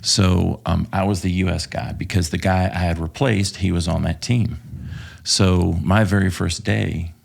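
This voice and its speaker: This podcast guest, an ex-cop from Texas, has a low, steady voice with vocal fry and a measured pace. His casual storytelling is profane and hesitant, peppered with fillers like "um."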